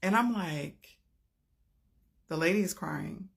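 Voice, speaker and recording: A woman with a low, gravelly voice tells a personal story in an earnest, heartfelt way. She swings between raised, intense moments and soft, hushed ones, with a grainy fry running through her speech. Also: takes it slowly. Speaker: storyteller recounting an encounter.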